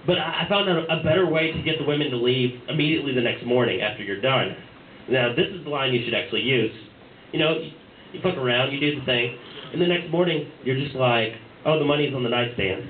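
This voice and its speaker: A man's voice: medium pitch, quick pace, a little hiss or hum. A young man doing a stand-up set in a small bar, rambling with fillers and restarts. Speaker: stand-up comedian. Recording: tinny, echoey amateur bar recording.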